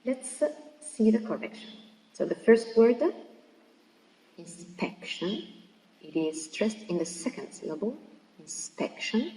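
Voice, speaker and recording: Algerian woman teacher, explanatory classroom delivery, mellow tone, recorded far off in a reverberant hall. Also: on the high side, expressive, normal speed. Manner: explanatory, repeats "okay?" to check understanding. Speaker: English teacher.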